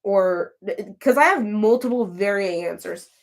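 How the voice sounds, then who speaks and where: Woman, livestream host, casual and chatty, reads and answers chat, a bit flustered, mid-pitched voice. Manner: chatty, reacts to chat messages, quick flustered restarts.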